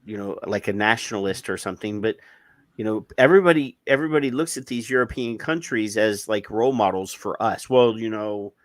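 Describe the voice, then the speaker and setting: A man's voice: fairly low pitch, fairly quick, dry recording. A man co-hosting a casual podcast, reading news stories aloud with blunt, rambling asides and many restarts. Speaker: podcast co-host. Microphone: headphones and studio mic.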